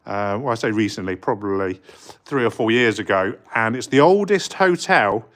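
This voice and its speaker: Working in his art studio, this middle-aged street artist from England chats on a live stream, rambling with lots of ums and greeting viewers eagerly. His voice is on the low side, animated, a bit bright, and at normal speed.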